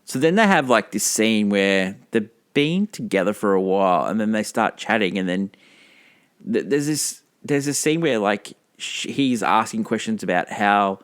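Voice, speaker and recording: A man's voice: lowish voice, animated, normal speed, smooth. A man co-hosting a casual film podcast, retelling scenes in a rambling way with many fillers. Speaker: podcast co-host.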